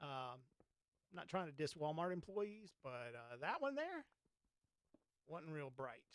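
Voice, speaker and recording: Speaking slowly and very animatedly in a fairly high voice, a Southern Georgia man from Georgia, USA, hosts a podcast. He gives laid-back gameplay commentary and spins a story, folksy and talkative, with mild oaths. There's no room sound.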